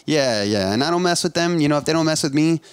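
A man's voice: a little high, animated, fast, clean tone, no echo, clean studio sound. A man from South Florida, a lawn care business owner, chatting as a guest and agreeing often. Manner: agreeable, lots of "yeah, yeah" backchannel. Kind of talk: casual interview chat.

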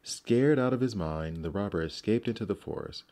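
Male narrator, deep voice, gentle expressive storybook reading. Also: normal speed.

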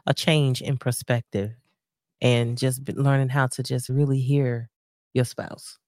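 A woman's voice: rumbling low, level tone, unhurried, a little mellow, no room sound, studio quality. A woman co-hosting a podcast with her husband, chatting casually with a laughing, lightly sarcastic manner. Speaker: podcast co-host.

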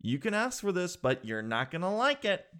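A man's voice: high voice, sing-song, normal speed, fairly bright tone, pitched above the performer's own voice. A man voicing a laid-back male postal clerk who calls everyone "dude". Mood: dismissive.

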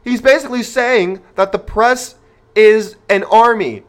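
Here the podcast host's high voice is clear and resonant, moving a little slowly. He speaks straight to his listeners, offering strong opinions in an emphatic, rhetorical way.

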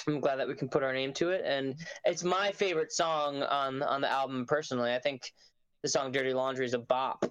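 A man from a band talking casually, halting with many restarts and fillers. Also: medium pitch, clean tone, highs cut off. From New York. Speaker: band member. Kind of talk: casual chat.

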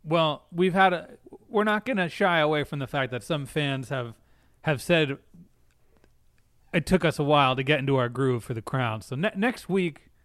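A man co-hosting a podcast, chatting casually with a relaxed, wry way of talking. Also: a little high, moderate pace, no echo, studio quality. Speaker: podcast co-host. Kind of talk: casual chat.

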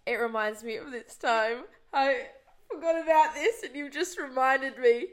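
A woman's voice: sits high, unhurried, a bit bright. Chatty young woman podcast host. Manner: chatty, exasperated storyteller. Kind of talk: casual chat.

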